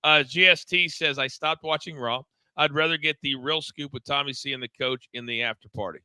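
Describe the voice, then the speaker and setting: This former wrestling coach, middle-aged and co-hosting a laid-back wrestling talk show, has a clear, resonant medium-pitched voice and talks fairly quickly. The recording is dry and low quality as he animatedly tells backstage tales full of stammered repeats.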